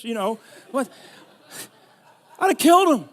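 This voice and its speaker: Pastor preaching with rising intensity. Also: male voice, high-pitched, very animated, moderate pace, long pauses. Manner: storytelling, rising to shouting in emotional retelling. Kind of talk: sermon.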